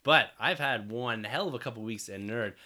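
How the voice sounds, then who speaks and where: A man's voice: mid-range voice, normal speed, bright, forceful tone. A man co-hosting a podcast, chatting casually and with enthusiasm about a trip. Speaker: podcast co-host. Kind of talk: casual chat.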